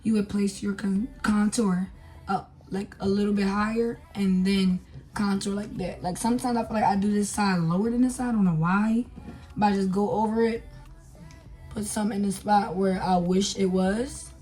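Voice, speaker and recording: A woman's voice: mid-range voice, fairly even intonation, moderate pace, mellow, faint music behind. A young woman chatting casually through a makeup tutorial, talking to viewers with lots of fillers as she works. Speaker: beauty vlogger.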